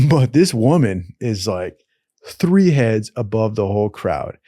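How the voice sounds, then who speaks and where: A man's voice: on the low side, takes it slowly, no echo, studio quality. A man telling wild stories in a casual, profane, rambling way, full of slang and asides. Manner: profane, animated, slangy with "dude". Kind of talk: casual storytelling.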